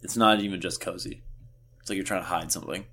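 Podcast co-host, male, low-pitched, fast, wry casual banter. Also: fairly even intonation, bright, forceful tone, a little hiss or hum. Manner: joking, fast, offhand. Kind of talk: casual chat.

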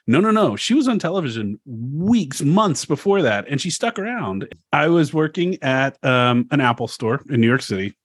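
A man's voice: mid-range voice, very animated, normal speed, few pauses, slightly rough, no echo, studio quality. A man in his forties co-hosting a casual podcast chat, telling stories animatedly, swearing freely and acting out quotes. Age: 40s. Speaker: podcast co-host.

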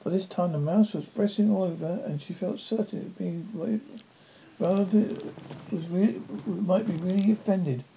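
Halting amateur storybook reader; dark, gravelly tone, muffled lo-fi recording. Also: mid-range voice. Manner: halting, many slips and restarts. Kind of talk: storybook read-aloud. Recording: dull lo-fi with faint noise.

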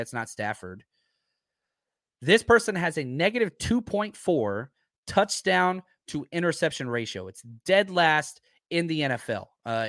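A man's voice: on the high side, fairly bright tone, dry recording. Chatty man with a dry, close sound. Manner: chatty, with many fillers and restarts, rattling off stats. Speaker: host of a football live stream. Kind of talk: casual live-stream commentary.

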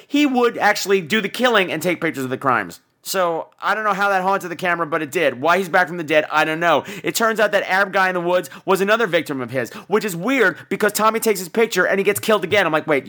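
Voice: medium pitch, fast talker, hardly any pauses, sharp tone. A podcast host giving a casual movie review in a sarcastic, exasperated rant.

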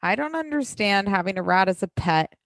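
A woman's voice: mid-range voice, lively intonation, fairly quick, a bit bright, dry recording, clean studio sound. A woman co-hosting a podcast in casual chat, frank and agreeable, with frequent fillers. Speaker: podcast co-host.

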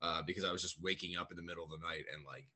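A man co-hosting a podcast, telling stories in casual comedic chat, swearing a lot and animated. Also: sits low, very fast. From United States. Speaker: podcast co-host.

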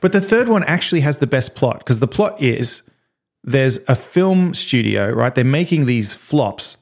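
Animated man retelling a film plot. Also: measured pace, gravelly. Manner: animated storyteller, acts out quotes in high voices. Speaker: podcast co-host. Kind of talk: casual chat.

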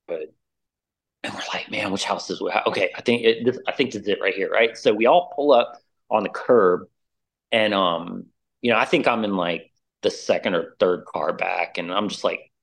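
A middle-aged man with a somewhat low voice tells a story in loose, casual chat. He is animated and full of "like" and "dude," and he acts out the voices of the people in it. The sound is plain. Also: creaky. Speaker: interview guest, musician.

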